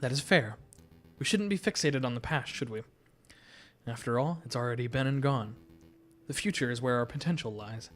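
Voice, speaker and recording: A man reading the lines of a suave male fox private investigator in a game, speaking in a smooth, courteous, measured way at an everyday mid pitch. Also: lightly acted. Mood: knowing.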